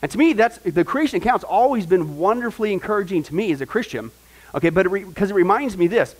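A middle-aged man leads a Bible class. His voice sits high for a man, and he teaches in an animated way, checking in with his students through frequent questions. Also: fairly quick, low-quality recording.

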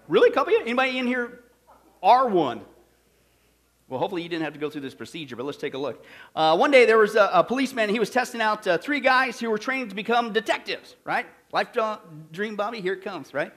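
A man preaching a sermon in a church, animated and conversational, checking in with the congregation as he goes. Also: high-pitched, fast talker. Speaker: pastor. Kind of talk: sermon with storytelling.

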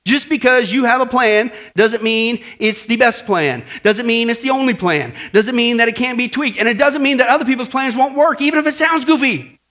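A man preaching a sermon in a folksy, animated way, full of rhetorical questions and a told joke. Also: very high-pitched, moderate pace, few pauses. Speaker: pastor.

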